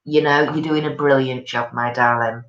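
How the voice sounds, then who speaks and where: A woman's voice: extremely low pitch, steady tone, normal speed. A woman, hosting a live stream in a chatty, gossipy way, reading out viewer comments and answering them with plenty of ums. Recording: echoey room, dull lo-fi sound.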